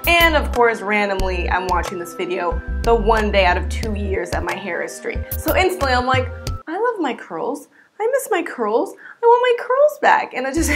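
A woman in her twenties, a vlogger, talking casually to camera in a bubbly, expressive way. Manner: bubbly and expressive, swinging pitch.

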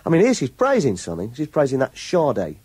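A man's voice: mid-range voice, huge pitch swings, a little fast, darkish tone, husky, no room sound. A man on a radio show, reading out reviews with gleeful mockery and frequent chuckles. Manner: gleeful, mocking, chuckles often. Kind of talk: chatty radio talk, reading reviews aloud. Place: radio studio.

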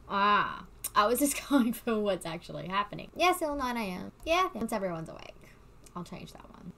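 A young woman, chatting casually as she reads quiz questions aloud, gushing and excitable, sometimes humming bits of songs. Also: medium pitch, slight background noise. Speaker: vlogger doing online quizzes.

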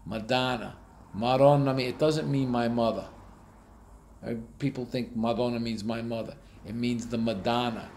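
A man's voice: medium pitch, steady tone, moderate pace, a little mellow, a little hiss or hum. A man with a heavy North Jersey accent telling blunt, matter-of-fact stories in a casual monologue, recorded near a street. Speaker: vlogger.

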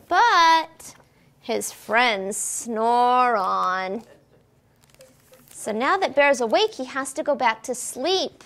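A children's librarian reads a picture book aloud at library storytime, her fairly high voice expressive and sing-song. She asks the children questions as she goes.

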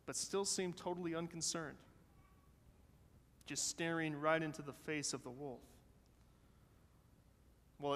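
A man pastor telling a story during a sermon in an animated way, voicing the characters as he goes. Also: a little high. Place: church sanctuary. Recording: long church hall reverb.

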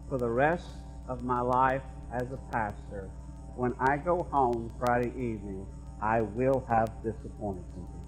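A middle-aged man preaching a sermon as pastor, moving between quiet conversational asides and loud, emphatic repeated lines. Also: medium pitch, rough recording. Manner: conversational preaching that swings from hushed asides to raised emphatic repetition.

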